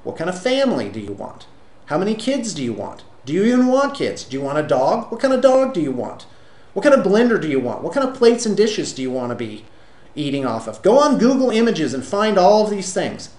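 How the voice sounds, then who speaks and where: A man's voice: high voice, sing-song, brisk, a little mellow. Emphatic man giving life advice. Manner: emphatic, rhetorical, lecturing. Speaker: interviewee. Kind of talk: motivational monologue. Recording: roomy echo.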